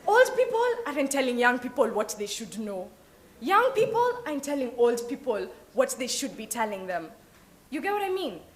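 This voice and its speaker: A young Kenyan woman giving a lively motivational talk at an open day, mixing in Swahili phrases. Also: high-pitched, slight background noise. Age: young adult. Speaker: alumna speaker. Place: event hall at an open day.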